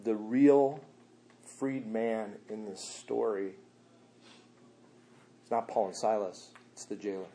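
A man preaching a sermon in a loose, slangy way, swinging between quiet asides and loud, animated bursts. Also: lowish voice, slow pace, pauses often.

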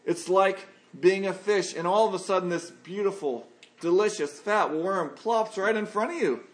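A man preaching a sermon as pastor, earnest and conversational, working through points with lively everyday examples. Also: high voice, moderate pace.

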